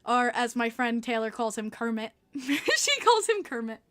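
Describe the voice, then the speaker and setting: A woman's voice: fairly high pitch, sing-song, measured pace, a bit bright. A woman with a Long Island New York accent, hosting a casual livestream podcast and chatting with viewers, laughing often. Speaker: podcast host reading live chat.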